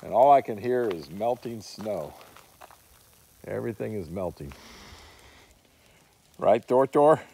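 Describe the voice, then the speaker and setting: A man's voice: fairly low pitch, animated, takes it slowly, gravelly, long pauses, warm tone, slight background noise. A man vlogging outdoors in melting snow, talking to his dogs in affectionate baby talk and laughing often. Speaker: vlogger, dog owner.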